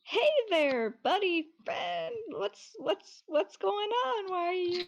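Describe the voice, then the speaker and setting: A woman's voice: extremely high pitch, sing-song, slow pace, muffled recording, pitched above the performer's own voice, heavily acted. A woman playing a coaxing adventurer. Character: friendly adventurer talking to a monster.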